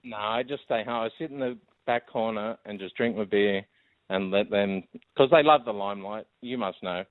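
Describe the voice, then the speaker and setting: A man's voice: fairly low pitch, normal speed, no echo. A man with an Australian accent calling in to a radio show, chatting in a laid-back, self-deprecating way. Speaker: caller. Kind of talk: casual phone-in chat. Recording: tinny phone line.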